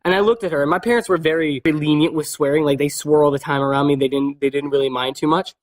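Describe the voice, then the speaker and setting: A man's voice: a little high, steady tone, fast talker. A man telling a personal story in a casual vlog, rambling and swearing constantly. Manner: many fillers and restarts. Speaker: vlogger.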